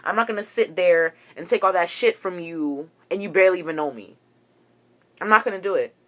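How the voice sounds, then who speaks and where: A woman's voice: lowish voice, fairly quick. A young woman ranting to camera, agitated and profane as she tells a story about a falling-out. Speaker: vlogger.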